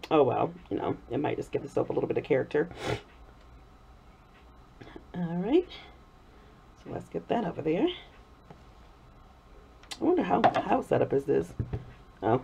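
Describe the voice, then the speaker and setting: A woman vlogger chatting casually while making soap, her voice hoarse from a cold. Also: sits low. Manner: chatty, warm thanks to viewers, frequent laughs. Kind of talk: casual chat while crafting. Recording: dull lo-fi recording.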